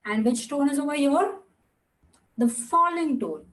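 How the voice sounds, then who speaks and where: Woman language teacher, high voice, unhurried, drawn-out drills, drops into Hindi and Gujarati asides. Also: animated, a bit bright, poor audio. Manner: slow, drawn-out model pronunciation with repeat-after-me drills. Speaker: Mandarin teacher. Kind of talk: online language lesson.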